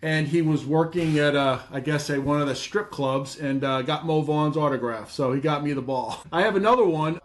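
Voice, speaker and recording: A man's voice: a little high, normal speed, few pauses. Easygoing man recalling old stories. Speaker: podcast guest. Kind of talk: casual conversation.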